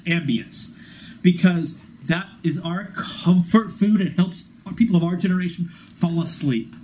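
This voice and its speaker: A man co-hosting a casual fan podcast, excitable and quick, laughing at himself as he talks. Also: fairly high pitch, a little hiss or hum, poor audio. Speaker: podcast co-host.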